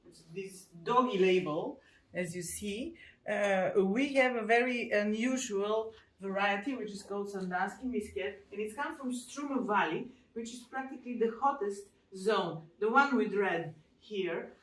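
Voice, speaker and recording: A woman, a wine store owner explaining wine regions in halting, careful English. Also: mid-range voice. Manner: explanatory, halting non-native phrasing. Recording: very echoey store, mic far off.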